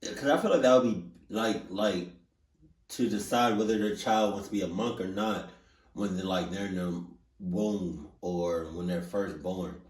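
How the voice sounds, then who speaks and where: A deep-voiced man drawls through casual reaction commentary, stumbling over fillers and restarting his sentences. He sits a little back from the mic in a roomy, echoing space. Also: a little mellow, distant mic. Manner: rambling, halting, with many fillers and restarts. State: hiccuping. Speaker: reaction streamer.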